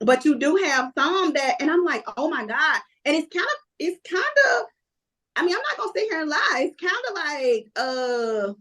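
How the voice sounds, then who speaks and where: Lively high-voiced woman storyteller. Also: moderate pace, hardly any pauses. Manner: lively storyteller, acts out other people's lines. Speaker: reality TV cast member, guest. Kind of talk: casual interview chat, storytelling.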